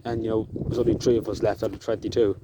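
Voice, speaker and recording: Man vlogging outdoors, soft-spoken and emotional, hesitant delivery, steady background noise outside. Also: on the low side. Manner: halting, with many fillers and restarts. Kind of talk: emotional outdoor vlog talk. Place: outdoors in the countryside.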